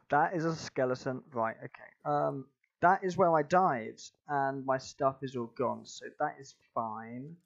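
A man grumbling through a game in casual commentary, deadpan and calling his friend mate. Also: medium pitch, creaky. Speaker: gamer. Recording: dull lo-fi video audio.

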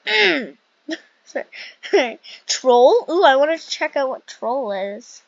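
A young woman giving rambling, excitable commentary while playing a video game, with many fillers. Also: sits high, slow, dry recording, dull audio. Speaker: gaming youtuber. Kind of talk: casual gameplay commentary.

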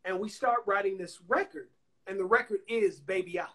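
A man from Alabama with a notably high speaking voice tells long anecdotes in a relaxed interview. He slips into the voices of the people he quotes as he goes. The sound comes through a phone on a live stream. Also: fairly quick. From Anniston, Alabama, US. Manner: animated storyteller acting out quoted voices. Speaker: songwriter and producer guest. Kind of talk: casual storytelling interview. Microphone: Instagram Live phone call.

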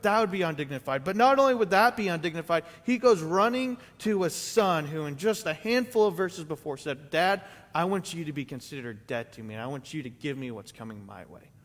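A man's voice: high-pitched, in a large hall. A man preaching a sermon in a church, talking casually and often adding "right?" and "like" as he goes. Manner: conversational preaching, many "right?" and "like" asides. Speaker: pastor. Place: church sanctuary.

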